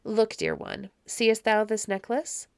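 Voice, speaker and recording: A woman's voice: medium pitch, huge pitch swings, takes it slowly, smooth, no room sound, clean studio sound, full character voice. A woman voicing a sly one-eyed male peddler who coaxes in old-fashioned speech. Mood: wheedling.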